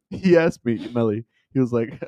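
A young man hosting a casual podcast, telling stories in an animated way and laughing often. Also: mid-range voice, a little slow, clean tone, no room sound. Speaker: podcast host. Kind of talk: casual chat.

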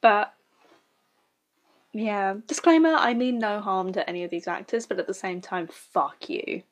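A woman's voice: mid-range voice, a little slow. A woman giving casual reaction commentary on a show, blunt and sarcastic, swearing freely. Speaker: show reviewer.

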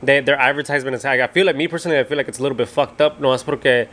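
A man's voice: mid-range voice, steady tone, rapid-fire, fairly bright tone. A young man co-hosting a podcast, telling stories in casual profane chat and mixing in Spanish slang. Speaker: podcast co-host.

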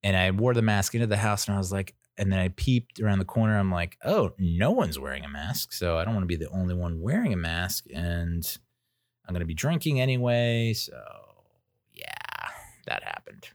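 Man in his thirties, very low voice, dry close sound, casual rambling monologue, wry asides. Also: animated, moderate pace, no room sound. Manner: rambling and self-interrupting, with frequent fillers.

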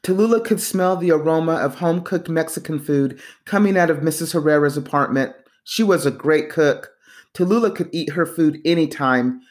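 Narrator: woman with a deep voice, steady audiobook reading. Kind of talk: scripted narration.

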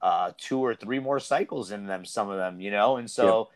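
A man hosting a casual podcast discussion about youth soccer, talking in an animated, rambling way with many restarts. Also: on the low side, moderate pace. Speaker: soccer coach and podcast host.

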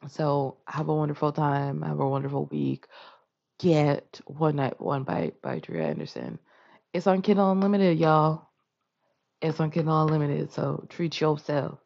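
Husky, animated woman podcast host. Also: low voice, lo-fi sound. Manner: animated, slangy, switches between loud and soft. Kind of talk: casual book-review chat.

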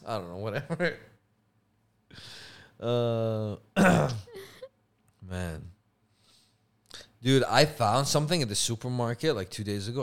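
A young man co-hosting a podcast in casual chat, telling stories with lots of swearing and loud, high outbursts. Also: a little slow, long pauses. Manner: animated storytelling, swears freely, jumps into loud high outbursts. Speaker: podcast co-host.

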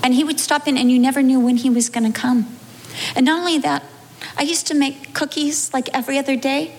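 A middle-aged woman, a pastor's wife, tells a funny personal story from the pulpit in a high, bright-pitched voice. She is animated and theatrical, acting out her own past moments as she goes. Her voice carries a long hall reverb over a faint hum of background noise. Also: brisk. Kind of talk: humorous personal testimony in a sermon.

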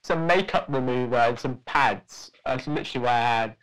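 A man co-hosting a podcast, telling a story in an animated, laughing way and acting out the voices of the people in it. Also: medium pitch, moderate pace, low-quality recording. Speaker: podcast co-host. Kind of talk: casual storytelling chat.

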